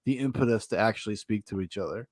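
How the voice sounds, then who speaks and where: A man's voice: fairly low pitch, fast talker, no echo, clean studio sound. An American man hosting a podcast, joking and rambling in casual chat. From United States. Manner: jokey, rambling, laughs often.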